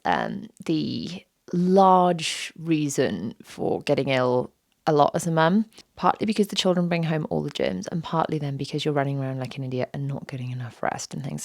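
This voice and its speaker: A British woman hosting her own podcast, talking casually with a hoarse, scratchy voice from a sore throat, sometimes dropping to a whisper. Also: low-pitched, darkish tone, dry recording, clean studio sound. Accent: British English. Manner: chatty, breaks into whispers on a failing voice. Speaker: podcast host; mother. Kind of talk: casual solo podcast talk.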